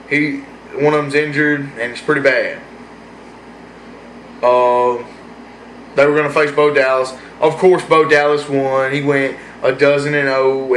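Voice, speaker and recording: A man rambling through an opinionated, excitable casual review of a wrestling show. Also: mid-range voice, roomy sound, a little hiss or hum. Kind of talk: casual solo review vlog.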